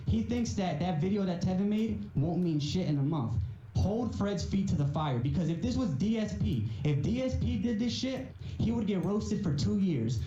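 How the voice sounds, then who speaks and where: A man's voice: high-pitched, warm tone. A man delivering an angry, profane callout rant on a livestream, confrontational and repeating his points with rising emphasis. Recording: muffled, roomy echo, faint hiss.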